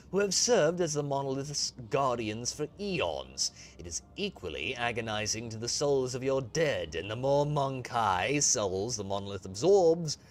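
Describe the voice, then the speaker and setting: A man voicing an ancient alien Harlequin mystic in a low, hushed, grave voice, reading a game aloud. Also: slight background noise.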